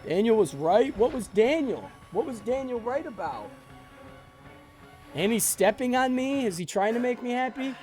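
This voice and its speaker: A man's voice: very high voice, big pitch swings, moderate pace, darkish tone, soft background music. A man streaming a game live, joking and rambling sleepily with his chat.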